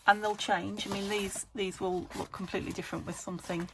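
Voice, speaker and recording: A woman from the UK, a craft vlogger, chatting casually to camera and thinking aloud as she works, with soft half-whispered asides. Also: mid-range voice, steady tone, a little fast, gravelly, noisy background. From United Kingdom.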